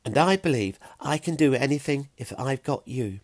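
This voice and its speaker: A man voicing Fiona, a bright and bashful Stone Age girl who speaks softly but briskly. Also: mid-range voice, expressive, no echo, voice pushed up, natural voice. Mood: tender. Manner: soft and warm, briskly practical.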